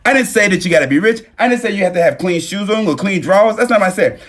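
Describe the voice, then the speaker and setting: A man hosting a casual live-stream talk on his phone, animated and profane, swinging between loud bursts and low murmurs. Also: fast talker.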